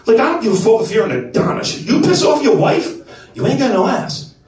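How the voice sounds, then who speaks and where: A man in his forties doing stand-up on a club stage, his voice pitched high for a man and swinging widely up and down. He talks with profane, animated energy and bursts into shouts. The sound is very echoey and caught from a fair distance. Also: a little fast. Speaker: stand-up comedian. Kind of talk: stand-up set.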